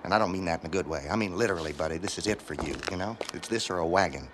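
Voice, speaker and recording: A man's voice: very fast, fairly bright tone, slight background noise. An actor playing a pushy, wheedling middle-aged salesman in a cartoon. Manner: high-pressure sales patter, wheedling. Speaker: cartoon character.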